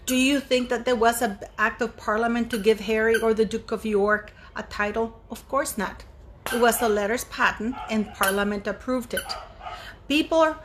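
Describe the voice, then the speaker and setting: A woman with a fairly high voice hosts her own online channel and talks straight to her viewers. She speaks with emphasis, leaning on key words and restating her points. A faint hiss of noise sits under the recording. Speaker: YouTube channel host. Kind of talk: casual commentary monologue.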